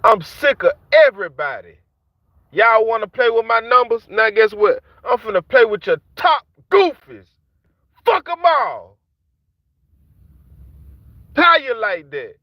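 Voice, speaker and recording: A man's voice: very high voice, sing-song, a little slow, long pauses, no room sound. A man ranting to camera in heated, repetitive street talk, taunting and mocking the people he calls out. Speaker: vlogger ranting at rappers. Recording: dull dry lo-fi sound.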